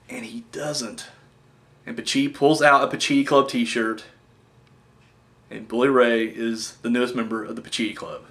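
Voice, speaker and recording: A man casually recapping wrestling matches, rambling with lots of fillers and getting excited as a fan. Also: medium pitch, moderate pace, long pauses. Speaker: wrestling review host.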